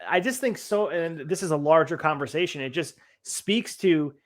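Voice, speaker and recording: A man's voice: fairly high pitch, normal speed. A man hosting a podcast, recapping events casually and restarting his sentences while laughing along. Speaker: podcast host. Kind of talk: casual chat.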